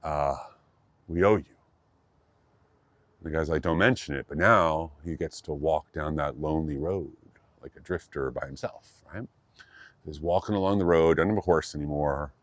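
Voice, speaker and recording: A qigong teacher with a rumbling low voice and moderate pace tells a fairy tale in a loose, casual, jokey way, rambling and using lots of fillers. The recording is dry.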